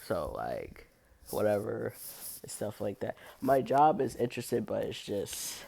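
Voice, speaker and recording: A young woman with an unusually low voice, telling a blunt, profane story about her cleaning job in a casual vlog. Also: sing-song, a little slow, gravelly, dark tone, a little hiss or hum. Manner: blunt, profane, heavy use of "like", laughs often. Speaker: restroom and locker room cleaner.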